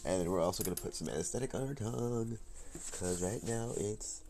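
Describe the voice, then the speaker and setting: A man's voice: fairly low pitch, brisk, warm tone, slight background noise. A man live-streaming from his phone, rambling and muttering to himself as he fiddles with settings.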